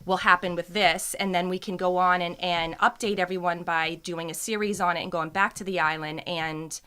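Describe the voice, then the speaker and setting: A woman filmmaker guesting on a podcast, earnest and excitable in casual chat. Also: fairly low pitch, normal speed, clean tone.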